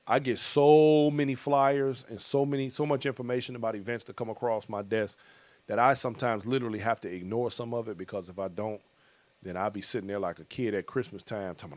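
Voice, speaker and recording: Middle-aged man, host, colloquial and joking, mid-pitched voice, dry close sound. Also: animated, moderate pace, dry recording. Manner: loose, joking, colloquial, chuckles often. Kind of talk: casual chat reading viewer comments.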